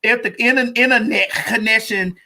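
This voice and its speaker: A man hosting a casual live-stream show, talking in a loud, sassy, playful way. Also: sits high, fairly even intonation, moderate pace, vocal fry. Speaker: host.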